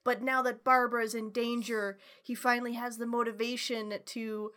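A woman's voice: a little high, little pitch movement, normal speed, bright, forceful tone. A woman co-hosting a casual film review chat, blunt and enthusiastic, retelling scenes and swearing freely. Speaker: podcast co-host.

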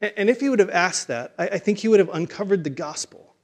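A man with a fairly high voice preaches in a loose, conversational way. He restarts phrases and repeats words as he works through his point. He also acts out the people in the story he tells. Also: animated, quick pace. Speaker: pastor. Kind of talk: sermon.

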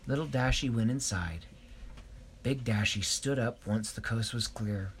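A man telling an improvised story, hesitant, pausing and correcting himself. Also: mid-range voice, slight background noise.

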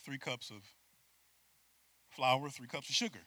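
A man preaching a sermon, moving between hushed asides and loud emphatic peaks and asking the congregation to repeat words after him. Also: mid-range voice, unhurried, no room sound.

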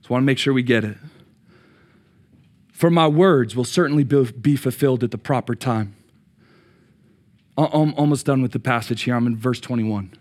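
A middle-aged man preaching a sermon, swinging from loud excited peaks to quiet reflection and repeating words as he restarts. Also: medium pitch, normal speed, pauses often. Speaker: pastor.

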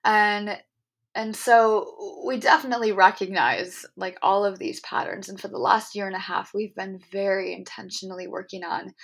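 A woman's voice: medium pitch, creaky. A young adult woman hosting a podcast, telling an emotional spiritual story in an earnest, rambling way with many fillers and restarts. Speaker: podcast host.

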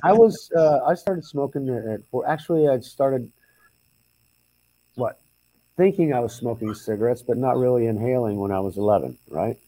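Male co-host, mid-pitched mellow voice, rambling delivery, dry sound. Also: moderate pace, no room sound, poor audio. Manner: rambling, with frequent restarts. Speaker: podcast co-host. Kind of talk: casual chat.

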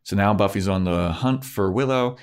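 Lowish-voiced man recapping a show. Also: normal speed, smooth. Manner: animated retelling, voicing characters with pitch jumps. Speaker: podcast co-host recapping a TV episode. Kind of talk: casual chat.

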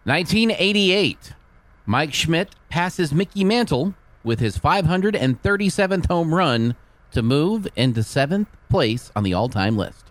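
Reading the day's events on a sports radio show, a man teases his fellow hosts with frequent laughter in loose, animated banter. He speaks unhurriedly in a fairly high pitch, with no echo.

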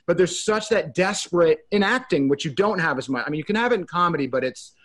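Animated man acting out quotes. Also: fairly high pitch, fast. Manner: animated, acts out quoted voices. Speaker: co-host. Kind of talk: casual talk-show chat.

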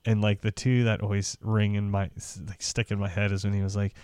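A man's voice: lowish voice, clear, resonant tone, no echo, studio quality. A man hosting a podcast, chatting casually and laughing often as he recalls favorite comedy scenes. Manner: excitable, laughs often, does quick impressions. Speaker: podcast host. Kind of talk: casual chat.

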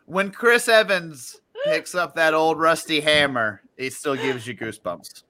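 A man's voice: fairly high pitch, unhurried, sharp tone, no echo. A man chatting on a podcast with dry, joking humor. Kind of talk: casual podcast chat.

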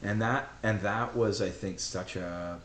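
A middle-aged man telling a heartfelt personal story on a podcast, earnest and emotional, often halting and repeating himself. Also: lowish voice, steady tone, over a noisy crowd. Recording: roomy echo.

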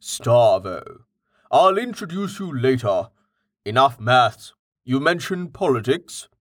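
Male narrator as patient, well-read companion, matter-of-fact, mid-pitched. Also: sing-song, slow, fairly bright tone, no room sound, clean studio sound, full character voice. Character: patient man, well-read, calmly explaining.

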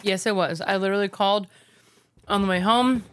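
A woman's voice: mid-range voice, fairly even intonation, brisk, a bit bright. A woman co-hosting a podcast in casual chat, exasperated and chatty, leaning heavily on "like". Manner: chatty, exasperated, many "like" fillers. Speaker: podcast co-host.

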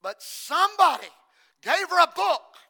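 A man preaching a sermon with passion, swinging between hushed, quiet stretches and loud shouting. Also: very high-pitched, big pitch swings, a little slow, creaky.

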